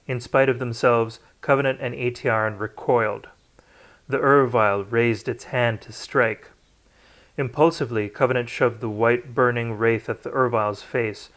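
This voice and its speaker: A man's voice: mid-range voice, a bit bright. A man reading a novel aloud, unrehearsed, with occasional slips and restarts. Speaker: audiobook narrator. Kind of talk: unrehearsed read-aloud narration.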